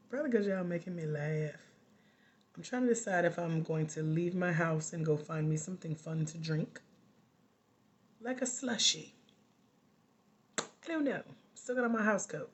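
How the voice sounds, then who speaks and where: A woman life coach hosts a relaxed live stream from her home. She talks casually and with animation straight to her viewers. She breaks into laughter often. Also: on the low side.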